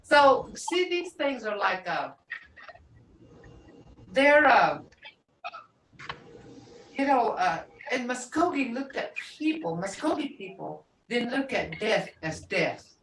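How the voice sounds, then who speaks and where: An older woman teaches a language class in an unhurried, storytelling manner, often breaking into laughter. Her voice is on the high side, very animated and fairly bright. She's heard from some distance in an echoey room over a faint hiss.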